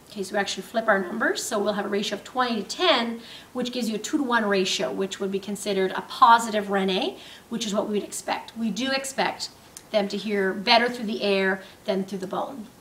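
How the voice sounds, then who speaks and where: A woman teaching a clinical skills demonstration, explaining step by step with frequent pauses and fillers. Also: mid-range voice, fairly bright tone. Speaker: nursing instructor. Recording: roomy, distant mic with faint ambience.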